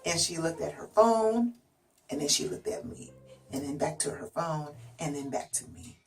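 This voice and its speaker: A young woman from the US, telling an animated story to camera and acting out the dialogue. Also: low voice, moderate pace, creaky. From United States. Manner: animated, chatty, acts out dialogue in other voices. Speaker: vlogger.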